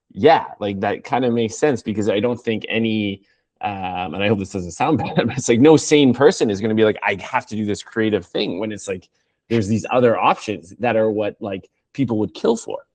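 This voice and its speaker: Low-voiced podcast host, dry sound. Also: male voice, a little mellow, no room sound. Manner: casual, agreeable, filler-heavy. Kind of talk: casual conversation.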